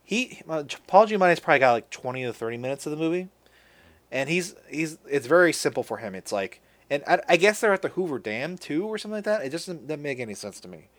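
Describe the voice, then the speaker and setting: In a fast, sing-song voice that's on the high side and a bit bright, a podcast host chats casually through a movie recap. He keeps restarting his thoughts and swears in passing.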